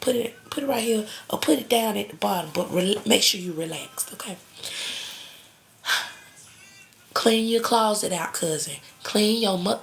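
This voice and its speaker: A woman in hosts a live tarot reading, chatting warmly with her viewers. Her voice at middle pitch carries a gravelly fry. She calls everyone cousin and baby. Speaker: tarot reader on a live stream. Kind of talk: casual live-stream chat.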